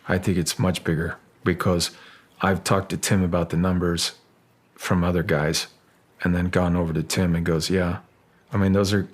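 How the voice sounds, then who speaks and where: A middle-aged man with a low, husky voice talks casually as an interview guest. He halts and restarts his sentences often, then warms into an animated storytelling flow. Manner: halting, restarts often, grows animated while telling a story. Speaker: podcast guest, actor.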